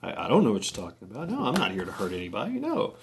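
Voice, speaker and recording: A man's voice: on the low side, huge pitch swings, racing, background noise. A man voicing a startled adult man who protests in a flustered way.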